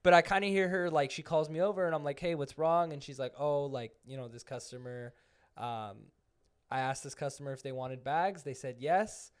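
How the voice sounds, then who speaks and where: A young man co-hosting a podcast, telling stories in an animated casual way and laughing often. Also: medium pitch, a little fast, clean tone. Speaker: podcast co-host. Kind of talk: casual chat.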